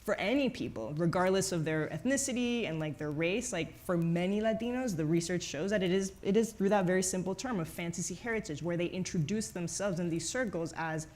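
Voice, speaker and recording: A woman who grew up in Spain, speaking with a Spanish accent as a guest in a relaxed on-stage book conversation, tagging her sentences with "no?" and restarting often. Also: lowish voice, fairly quick, few pauses. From grew up in Madrid, Spain. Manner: frequent tag "no?", many restarts. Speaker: journalist and author guest. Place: event stage before audience.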